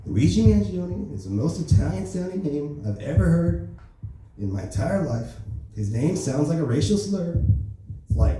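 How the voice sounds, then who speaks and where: Male comic at an open mic, dark mellow voice, very echoey club, heard from afar. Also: a little high, lively intonation, moderate pace, recorded from a distance, slight background noise. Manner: loose, offhand, full of "right?" and "you know". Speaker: stand-up comedian.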